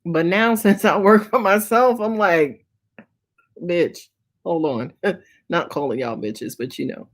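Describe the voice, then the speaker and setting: A woman's voice: medium pitch, animated, a little slow. A woman tarot reader answering viewers' questions on a live stream, talking in a casual, slangy, profane way and sounding tired.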